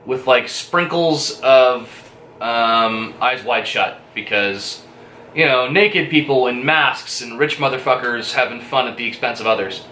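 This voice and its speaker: A man's voice: medium pitch, a little slow, bright, forceful tone, echoey room, a little hiss or hum. A man giving a rambling, profane, hesitant movie review full of fillers. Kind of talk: casual spoken movie review.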